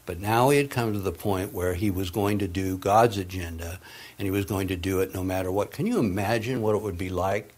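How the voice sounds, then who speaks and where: A man preaching a sermon, swinging between hushed, drawn-out phrases and emphatic, raised passages, with dramatic pauses. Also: deep voice.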